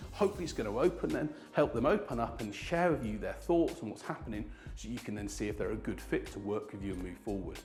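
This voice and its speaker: A man's voice: medium pitch, a little mellow. A man teaching sales, acting out sample lines to show different tones of voice. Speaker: sales trainer. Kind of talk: instructional talk to camera. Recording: roomy sound with faint music.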